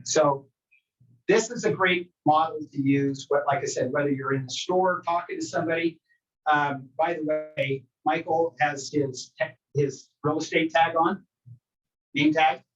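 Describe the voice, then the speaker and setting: A man's voice: a little high, unhurried. A man teaching a workshop to a live group, coaching in a conversational way and asking the group questions. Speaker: real estate trainer. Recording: distant, dull room recording.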